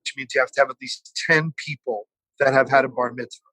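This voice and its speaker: A man's voice: medium pitch, steady tone, quick pace, pushed and bright, slightly rough, no echo, poor audio. A man in his forties, a guest on a remote podcast, chatting animatedly and swearing freely. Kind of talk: casual chat. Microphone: remote call setup.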